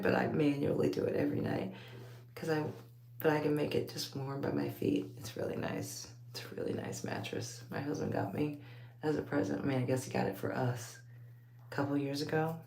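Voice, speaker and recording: A woman with a Texas accent rambles to her viewers in a low, gravelly voice, laughing often as she chats late at night. The room is echoey and a faint hum sits behind her. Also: wildly swooping pitch, normal speed, a little mellow. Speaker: vlogger talking to viewers. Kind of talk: late-night casual chat while taking out braids. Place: home at night, under a bright light.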